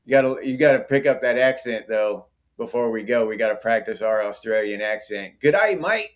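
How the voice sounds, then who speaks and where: A man's voice: on the low side, level tone, fairly quick. A middle-aged man hosting a casual livestream, chatting and answering viewer comments by name. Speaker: livestream host.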